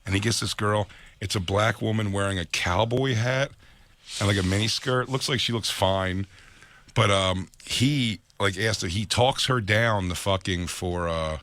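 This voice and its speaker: A man's voice: fairly low pitch, measured pace, a bit bright, no echo. A man hosting a crude, casual radio talk show from a studio, rambling through a story and laughing often. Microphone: studio microphone.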